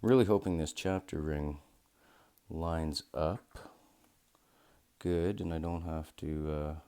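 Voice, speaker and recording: While working on a watch mod for his video, this host narrates casually, rambling and talking to himself with a self-deprecating streak. He speaks slowly in an extremely low, steady voice that's warm, clear, and resonant.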